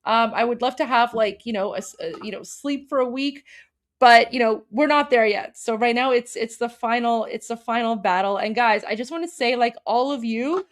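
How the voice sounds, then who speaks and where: A woman's voice: a little high, normal speed. A woman in her thirties hosting a livestream, talking to viewers in a rambling, hesitant way. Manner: rambling, hesitant, emotional and warm toward viewers. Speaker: livestream host. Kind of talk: casual livestream chat to viewers.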